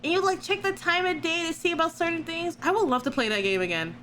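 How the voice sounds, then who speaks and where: A woman streamer reacting casually and excitedly on a live stream, chatting with gasps and exclamations. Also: extremely high pitch, fast.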